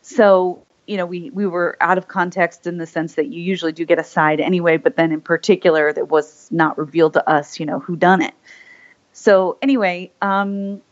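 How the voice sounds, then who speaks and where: A woman's voice: on the low side, steady tone, moderate pace. A woman voice actor chatting as an interview guest, rambling with many fillers and restarts. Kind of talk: casual interview chat. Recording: slightly muffled lo-fi audio.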